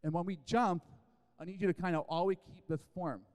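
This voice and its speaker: A man recounting the words of a mustached male skydiving instructor who calmly gives jump instructions. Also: high-pitched, a little fast, in a large hall, natural voice. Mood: instructing. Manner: matter-of-fact, instructing.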